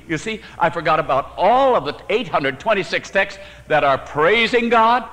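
A man preaching a sermon, telling his own story with sudden swings from emphatic to hushed and chuckling at his own jokes. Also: high voice, animated, normal speed, few pauses, in a large hall, low-quality recording.

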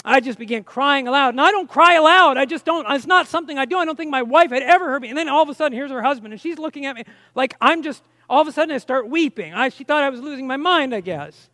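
A man's voice: very high voice, expressive, fast, hardly any pauses, pushed and bright, dry recording. A man preaching a personal testimony sermon, telling the story with strong emotion and frequent restarts.

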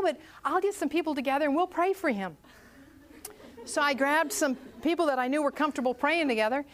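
A middle-aged woman giving a talk on prayer, telling a story and acting out the quoted voices with animation. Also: fairly high pitch. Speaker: speaker on prayer.

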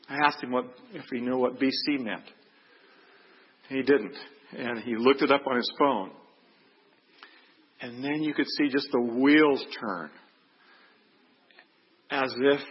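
A man's voice: medium pitch, husky. An older man earnestly telling a personal faith story in a plain-spoken way, acting out what people said. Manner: earnest, plain-spoken, acts out quoted lines. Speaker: speaker giving a testimony. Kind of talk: storytelling testimony. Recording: echoey hall, dull lo-fi sound.

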